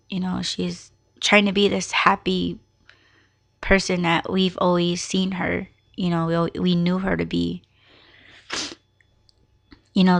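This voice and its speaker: A young woman talks through a personal family story on her podcast, candid and emotional, with curses mixed in. Her voice sits low, with gravelly fry, and she takes her time. It sounds like an unscripted, heartfelt monologue. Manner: candid and emotional, swears freely. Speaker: podcast host.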